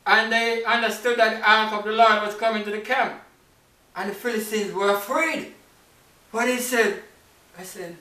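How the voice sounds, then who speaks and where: A male preacher delivering an emphatic sermon full of rhetorical questions and sudden leaps in pitch. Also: steady tone, moderate pace, pushed and bright. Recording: echoey room, mic at a distance.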